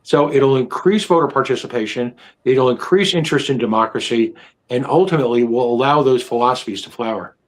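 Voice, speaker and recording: A man guest on an online panel, answering emphatically and pausing with fillers. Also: medium pitch, poor audio. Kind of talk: casual political discussion.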